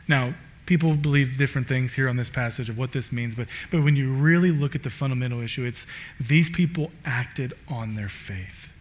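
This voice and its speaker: A male pastor preaching a sermon to his congregation, animated and emphatic, swinging from loud peaks to quiet, reverent lines. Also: a little high. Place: church sanctuary.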